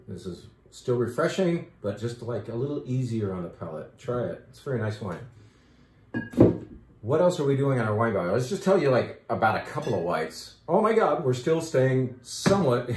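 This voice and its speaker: A man's voice: fairly low pitch, a little mellow, roomy sound. A man who runs a wine shop, chatting enthusiastically about the wines on offer in a casual, rambling way. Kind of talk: casual wine talk video.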